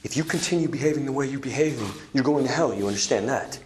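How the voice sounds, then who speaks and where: A man's voice: mid-range voice, fast, a little hiss or hum, lightly acted. An actor playing a stern male priest who scolds and commands, in a film scene. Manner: scolding, rising to shouting. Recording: roomy film soundtrack.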